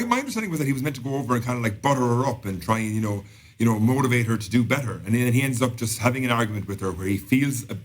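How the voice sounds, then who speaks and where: A man, co-hosting a casual podcast and recapping a show in a chatty, rambling way. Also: mid-range voice. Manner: chatty, rambling, quick asides. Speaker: podcast co-host.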